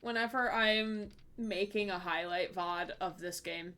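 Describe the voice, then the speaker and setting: A woman's voice: mid-range voice, measured pace, sharp tone. A woman streamer giggling and exclaiming through a live game playthrough.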